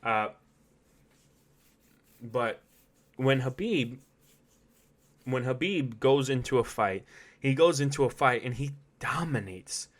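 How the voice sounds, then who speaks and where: A man hosting a solo podcast, talking in an animated, swearing, laugh-filled way that swings between loud outbursts and low asides. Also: slow pace, pauses often. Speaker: podcast host.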